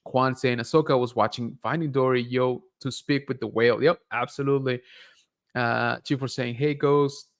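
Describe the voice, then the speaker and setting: A man hosting a live stream, reading viewer comments aloud and reacting in a relaxed, chatty way. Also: medium pitch, moderate pace. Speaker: livestream host reading viewer chat. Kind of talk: casual live-stream chat.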